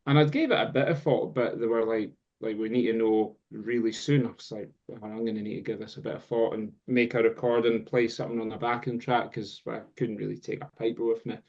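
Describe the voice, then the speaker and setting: A man's voice: lowish voice, fairly even intonation, fairly quick, hardly any pauses, darkish tone. Rambling Scottish man with a dull sound. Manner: rambling storyteller, many "um"s. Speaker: guest drum teacher. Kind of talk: casual chat.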